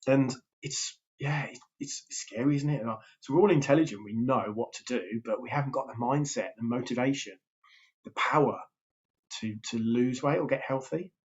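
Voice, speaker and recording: A man's voice: mid-range voice, normal speed. A man, a health and weight loss coach, talking casually and checking in with his listeners as he goes. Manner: chatty, keeps checking in with "yeah?". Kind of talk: casual motivational talk to camera. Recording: slightly dull lo-fi sound.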